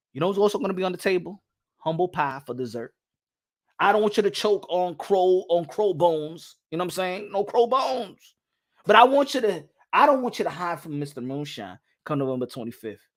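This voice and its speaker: A man talking boxing casually, repeating himself and teasing his viewers. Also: sits high. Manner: animated, repetitive, hypes and teases viewers. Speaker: boxing commentator.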